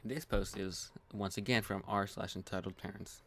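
A young man co-hosting, reading online stories and chatting in a relaxed, slangy way. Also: fairly low pitch, moderate pace, slight background noise. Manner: relaxed, slangy, says "bro" and "dude". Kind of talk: casual chat and story reading.

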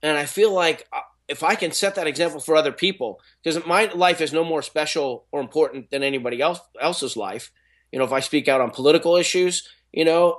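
A middle-aged man who is an actor and speaker, telling stories in a rambling, casual way, full of restarts and fillers. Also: on the high side. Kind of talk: casual interview talk.

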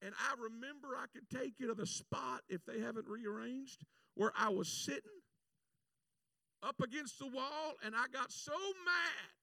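A bright, high-pitched preacher with a gravelly edge to his voice, delivering a lively sermon. He tells a personal story and breaks into shouted prayers. The voice sounds dry and set back from the mic. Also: normal speed, no echo, distant mic. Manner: animated, shouts acted prayers.

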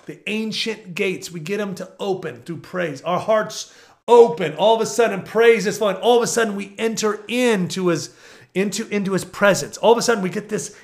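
Man, preacher, fervent sermon, high-pitched voice, loud-to-hushed swings.

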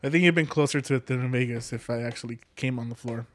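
A man's voice: medium pitch, fast, dry recording, clean studio sound. A man co-hosting a podcast in casual chat, with crude, insistent banter. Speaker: podcast co-host.

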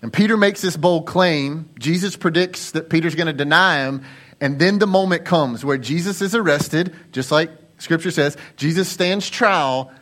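A man's voice: on the high side, a bit bright. A male lead pastor preaching a sermon in an earnest, conversational way, repeating phrases for emphasis.

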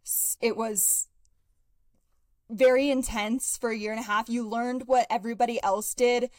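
Young female podcast host, upbeat casual chat, bit winded, higher register. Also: fairly even intonation, moderate pace. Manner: chatty, upbeat, laughs often. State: out of breath.

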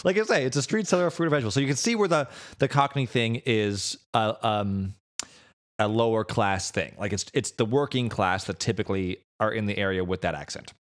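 A man's voice: lowish voice, brisk. A man co-hosting a casual podcast chat, explaining a topic at length with many restarts and fillers. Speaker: podcast co-host.

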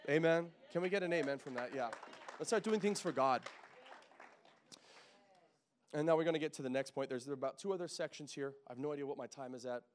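A young adult man preaching a sermon in a church, joking with the congregation and swinging from quiet, intimate talk to loud bursts, sweating in the heat. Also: mid-range voice, rapid-fire, few pauses, a little hiss or hum. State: sweating in a hot room. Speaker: pastor. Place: church sanctuary.

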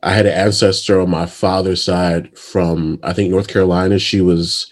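A man co-hosting a casual podcast, sharing his own stories in a relaxed, reflective way. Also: deep voice, normal speed. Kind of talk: casual chat.

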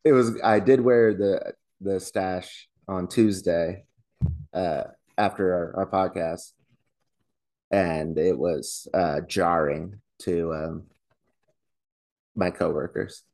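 A man's voice: low-pitched, fairly even intonation, slow pace, darkish tone. A man co-hosting a podcast, chatting casually into a desk microphone, rambling and swearing between laughs. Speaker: podcast co-host. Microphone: desk microphone, leaning in.

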